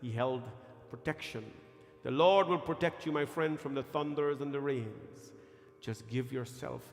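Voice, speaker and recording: A man's voice: medium pitch, measured pace, vocal fry. A man, a temple pandit giving a sermon and chanting Sanskrit verses with growing fervor. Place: temple hall. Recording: echoey temple hall with music.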